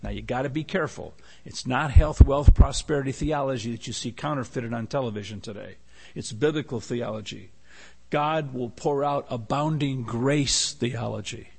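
A man's voice: medium pitch, moderate pace, gravelly, darkish tone, husky. A man preaching a sermon as pastor. He is emphatic, repeats key phrases and asks rhetorical questions. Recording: long hall reverb.

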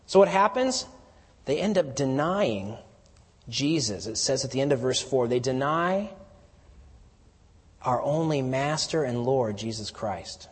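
A man preaching an expository sermon, teaching verse by verse and swelling into emphatic declarations before dropping quiet again. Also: medium pitch, animated, unhurried, pauses often, slightly rough. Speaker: pastor. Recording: long hall reverb.

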